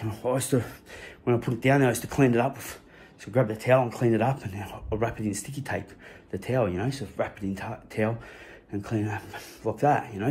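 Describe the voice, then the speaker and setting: A man's voice: fairly low pitch, a little mellow, slight background noise. A man with an Australian accent, telling a personal story in a rambling, slang-heavy way full of swearing. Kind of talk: casual anecdote telling.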